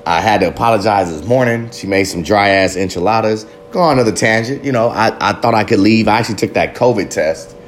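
A man's voice: on the low side, quick pace, few pauses, soft background music. A man giving a fiery, profanity-laced motivational monologue about addiction and recovery. He rambles, goes off on tangents and speaks with raw passion.

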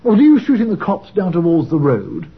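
Dr Watson, earnest and exclaiming. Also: male voice, high-pitched, sing-song, a little fast, breathy edge, phone-quality sound, full character voice. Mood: eager. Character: earnest, eager gentleman sidekick.

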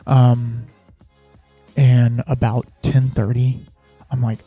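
A man's voice: mid-range voice, fairly even intonation, measured pace, creaky, dark tone, husky, soft background music. A man hosting a podcast, telling a personal story in a rambling, casual way, full of fillers and restarts. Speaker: podcast host.

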